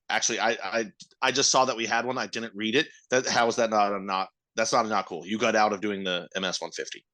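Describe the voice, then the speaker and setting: A man co-hosting a podcast in casual chat, loud and swearing freely as he hypes things up. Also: fairly low pitch, fairly even intonation, fast talker. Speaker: podcast co-host.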